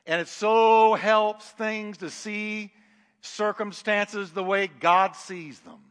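A man preaching a sermon, emphatic, swinging between loud declarations and quiet asides, in a large church hall. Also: high-pitched.

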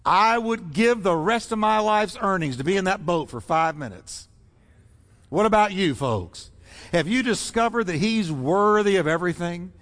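A man's voice: high voice, lively intonation, moderate pace, a bit bright. A man preaching a sermon as pastor, fervent and rhythmic, building repeated phrases. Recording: long reverb in a large hall.

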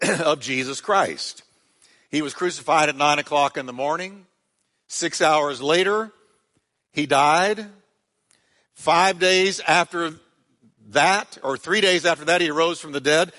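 In a church sanctuary with big-room acoustics, a male pastor with a fairly high, sharp-toned voice delivers a sermon. He reads scripture aloud, voices quotes dramatically, and leads a prayer.

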